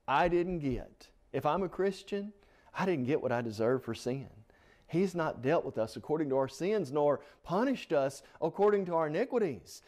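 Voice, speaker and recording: A man preaching a Bible study sermon in a church, quoting scripture emphatically and rising in pitch on the key words. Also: darkish tone. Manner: rises in pitch and force on scripture quotes, emphatic.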